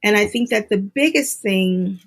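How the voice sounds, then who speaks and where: A middle-aged woman talks through a hard chapter of her life as a guest in an interview. Her voice sits in a middle register, and she tells her story earnestly. Now and then she jumps up high to mimic the people she met. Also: measured pace. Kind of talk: interview conversation.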